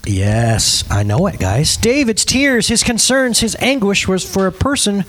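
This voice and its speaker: Male pastor, casual humorous sermon delivery, animated intonation. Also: high-pitched, unhurried, slight background noise. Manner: casual, joking, lively storytelling. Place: church service.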